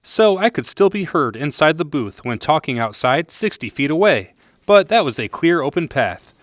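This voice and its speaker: A man hosting a how-to video, reading a clear, explanatory voice-over recorded in a blanket vocal booth. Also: on the high side, sing-song, moderate pace. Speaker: host of a how-to channel. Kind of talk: scripted voice-over narration.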